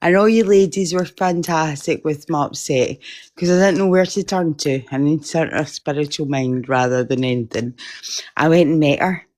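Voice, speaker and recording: Emotional, rambling woman, lower voice. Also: normal speed, darkish tone. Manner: emotional, rambling, laughs often. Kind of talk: casual chat.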